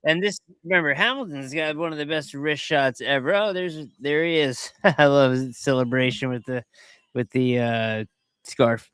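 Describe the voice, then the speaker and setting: A man hosting a podcast, talking casually and in a rambling way as he comments over video clips, quick to get excited. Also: medium pitch, clean tone, no echo. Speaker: podcast host.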